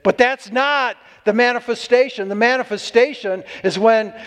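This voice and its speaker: A man's voice: extremely high pitch, moderate pace, fairly bright tone. A man preaching a sermon to a congregation, exuberant and whooping between points. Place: church hall. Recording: long hall reverb.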